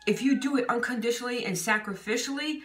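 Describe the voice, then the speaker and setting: A woman's voice: fairly high pitch, fast talker, fairly bright tone, distant mic. A woman giving an informal Bible teaching, talking casually with fillers like "you know" and "okay?". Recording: echoey room, voice set back from the mic.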